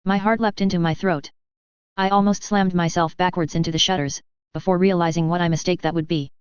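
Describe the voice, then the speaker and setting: Audiobook narrator: woman, low register, crisp clean tone, tense measured delivery, dry slightly dull recording. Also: steady tone, no echo. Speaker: audiobook reader. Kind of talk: first-person fiction narration.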